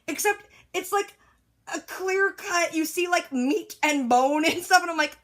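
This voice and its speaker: A woman's voice: extremely high pitch, moderate pace, a bit bright. A woman rambling through an exasperated, casual rant that recaps a movie, with lots of "like" fillers. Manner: exasperated, rambling, heavy use of "like". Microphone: device recording her side of a phone call.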